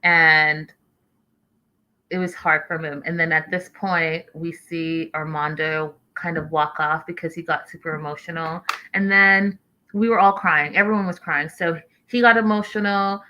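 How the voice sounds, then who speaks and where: A woman's voice: sits low, fairly even intonation, a little slow, sharp tone, slight background noise, rough recording. A woman host talking casually through a reality show recap, reading out live chat messages as she goes.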